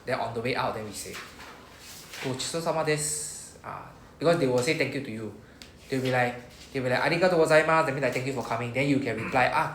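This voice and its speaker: A man's voice: medium pitch, creaky, a bit bright. A man with a Singaporean English accent teaching a language class, explaining patiently step by step and modelling words for students to repeat. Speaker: Japanese teacher. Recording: echoey room with faint noise.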